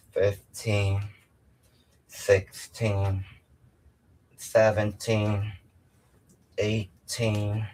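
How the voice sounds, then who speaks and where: A young man walks through his home workout in a loose, rambling way, full of fillers. His voice sits slightly low, and he counts each rep out loud as he goes, sometimes a little winded. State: out of breath at times. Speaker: fitness vlogger. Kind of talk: casual workout demonstration.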